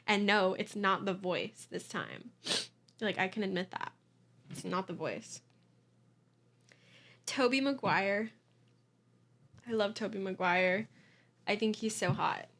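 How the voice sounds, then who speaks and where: A young woman hosts a casual solo podcast, a confessional monologue full of giggles, apologies and self-deprecating laughter. Her voice is mid-range and a bit bright.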